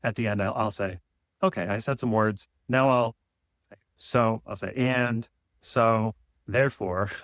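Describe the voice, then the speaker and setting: Man, solo vlog monologue, musing and questioning, stops and restarts, playful asides, middle pitch, dry close sound. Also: fairly bright tone, dry recording. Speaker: vlogger. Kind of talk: rambling philosophical monologue.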